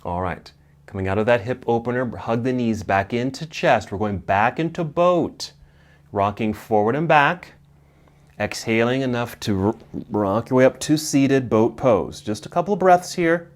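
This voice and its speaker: A middle-aged man teaching a yoga class, calmly cueing poses and breaths, slightly out of breath. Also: medium pitch, normal speed. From United States. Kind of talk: guided yoga class instruction.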